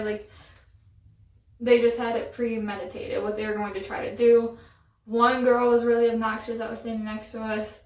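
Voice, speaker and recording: A young woman chats through a story in a slightly high voice with a flat, even delivery. Her tone is chatty and exasperated. She sounds set back from the mic in a roomy, echoey space. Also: moderate pace. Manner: chatty, exasperated retelling with lots of "like". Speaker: vlogger. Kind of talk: casual storytelling chat. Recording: roomy echo, voice from a distance.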